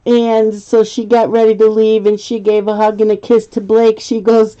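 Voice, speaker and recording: A woman's voice: a little high, level tone, normal speed, hardly any pauses, dark tone. A middle-aged woman hosting a casual live stream while coloring, chatty, laughing often and reading viewer comments aloud. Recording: slightly muffled lo-fi stream audio.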